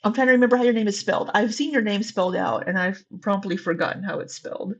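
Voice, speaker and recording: A woman reacts live for her viewers in a loose, teasing chat and now and then swears. Her voice is husky and slightly breathy. The recording sounds dull and lo-fi. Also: mid-range voice, fast talker. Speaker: livestream reaction host.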